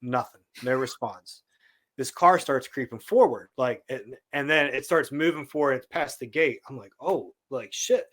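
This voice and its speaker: With a medium-pitched voice at normal speed, a man tells a story as a podcast guest. His delivery is casual and animated, and he acts out people's quotes.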